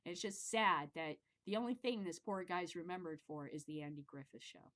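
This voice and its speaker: A middle-aged woman from the American Midwest, hosting a casual monologue show, rambling and animated and swearing freely. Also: fairly low pitch, fairly quick. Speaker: podcast host.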